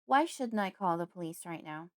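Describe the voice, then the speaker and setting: A woman reading an audiobook, voicing a wary, suspicious woman friend who asks insistent questions in a higher voice. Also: animated, moderate pace, natural voice.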